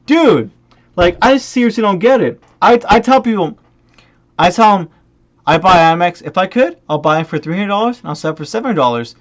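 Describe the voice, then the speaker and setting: A man with non-native English in a buzzed, profane vlog rant, angrily mocking the people he quotes. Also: fairly quick. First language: not English. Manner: angry, swearing, mocking quoted customers; animated, pitch jumping up and down. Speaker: vlogger.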